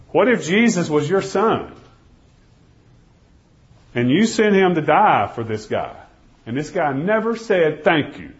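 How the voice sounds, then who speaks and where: A man preaching a sermon, telling a first-person story, swinging from loud pleading to hushed, near-whispered lines. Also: fairly high pitch. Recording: dull lo-fi recording.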